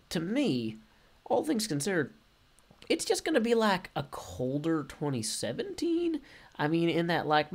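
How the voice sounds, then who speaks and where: A man's voice: fairly high pitch, a little mellow. A man casually commenting on his game play, rambling, goofy and full of puns and self-corrections, recording away from home. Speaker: game video host. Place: relatives' home while traveling.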